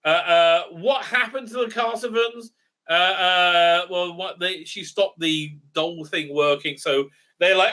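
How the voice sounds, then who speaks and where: A man's voice: high-pitched, unhurried, bright, forceful tone. A man ranting through a sarcastic recap review, rambling with many fillers and tag questions. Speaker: video reviewer.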